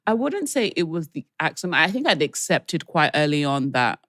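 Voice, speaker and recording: A young woman with a London accent, hosting a casual podcast chat in an animated, chatty way. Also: low-pitched, moderate pace, no echo, clean studio sound. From United Kingdom. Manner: chatty, animated, laughs often. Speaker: podcast host.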